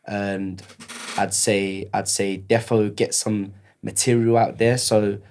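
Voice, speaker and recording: A man with a fairly low voice gives casual advice as a podcast guest. He talks in slang and circles back, repeating words as he finds his way. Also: flat delivery, slow, darkish tone, slight background noise. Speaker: actor guest.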